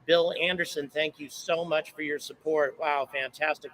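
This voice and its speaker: This livestream host chats loosely from a launch site viewpoint, reading out viewers' locations and thanking them. Recorded low-quality through his handheld camera's mic, his voice is fairly high, a bit bright, and steady at a normal speed.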